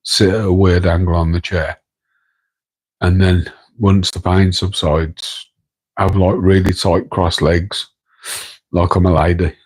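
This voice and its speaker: Low, flat-voiced Midlands man. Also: husky, rough recording. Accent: English Midlands. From English Midlands. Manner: rambling, self-deprecating, chatting to viewers in chat; keeping his voice down so as not to wake his partner. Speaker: live stream host. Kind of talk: casual late-night live stream chat. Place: home, room next to an aquarium tank. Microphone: microphone on a tripod.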